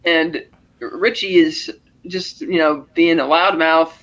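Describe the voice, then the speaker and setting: A man's voice: fairly high pitch, steady tone, slow, fairly bright tone, muffled recording. A man co-hosting a podcast, casually retelling a movie's scenes and acting out the characters' lines. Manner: retells scenes with acted-out quotes. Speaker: podcast co-host. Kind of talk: casual movie recap chat.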